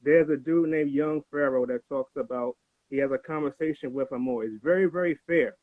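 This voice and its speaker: A man's voice: on the high side, brisk, no room sound. A man from the United States calling in to a live stream, talking in a hesitant, rambling way. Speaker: caller. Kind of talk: casual call-in talk. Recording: tinny phone-like line.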